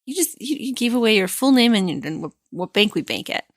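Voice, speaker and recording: A woman's voice: fairly high pitch, big pitch swings, brisk, no room sound, studio quality. A woman co-hosting a podcast in casual chat, teasing and laughing often. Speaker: podcast co-host.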